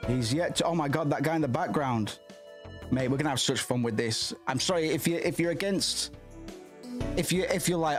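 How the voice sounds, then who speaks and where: A man hosting a livestream in casual chat, rambling and excitable with lots of swearing, from his home streaming setup. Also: on the high side, a little fast, soft background music. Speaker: livestream host.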